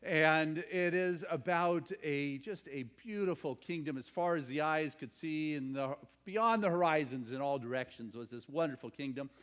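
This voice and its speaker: A male minister delivers a sermon, telling a parable in a storytelling manner. His voice sits a little high for a man. He moves between hushed stretches and emphatic, raised passages. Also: moderate pace, hardly any pauses, clean tone.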